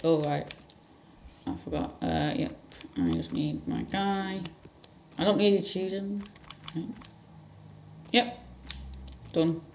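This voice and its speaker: A gaming channel host giving rambling let's-play commentary with sudden loud outbursts. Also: mid-range voice, sing-song, slow pace, gravelly, pauses often, a little hiss or hum.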